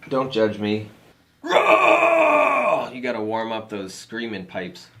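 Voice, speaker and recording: A man's voice: on the low side, steady tone, moderate pace, a little hiss or hum. A man talking to himself in a playful, self-mocking way while recording sound effects for a video. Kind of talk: casual self-talk while working.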